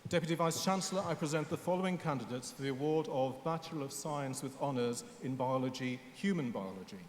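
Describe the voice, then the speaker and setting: A man's voice: medium pitch, fast, background noise. Man announcing names in an echoey hall. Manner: steady, formal announcing. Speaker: academic presenting graduates. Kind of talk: formal name reading at a ceremony. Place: large hall.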